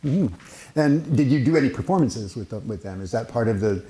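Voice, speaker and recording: A man's voice: mid-range voice, expressive, normal speed, mellow. Male interviewer in an echoey room. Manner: friendly, asks questions with small restarts. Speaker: interviewer, host. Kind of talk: conversational interview. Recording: echoey room with faint noise.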